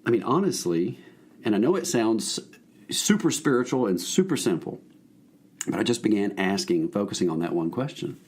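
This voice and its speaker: A man, a minister telling his story as a podcast guest in a lively, joking, folksy way. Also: on the low side, normal speed, husky. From Alabama, US. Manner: animated, jokey, folksy. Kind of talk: casual storytelling conversation.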